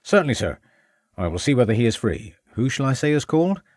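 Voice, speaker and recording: A man's voice: medium pitch, big pitch swings, fast, no echo. A man voicing an elderly school porter who speaks deferentially but warily. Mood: formal. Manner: deferential, formal. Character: elderly male school porter, suspicious, formal.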